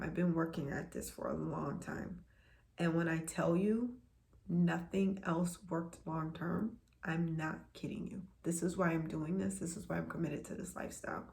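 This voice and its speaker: A woman's voice: low-pitched, creaky, a little mellow. A woman talking casually to her viewers in a personal vlog, earnest and repeating lines for emphasis, often dropping to a near whisper. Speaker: vlogger sharing a health journey.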